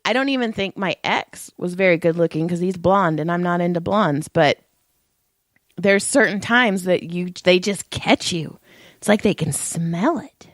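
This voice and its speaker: A woman's voice: on the low side, measured pace, no echo. A young woman talks in a loose, chatty storytelling way, breaking into laughter often. Her voice sounds strained, as if her vocal cords are worn out. The sound is dry and close. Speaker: podcast co-host. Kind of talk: casual chat.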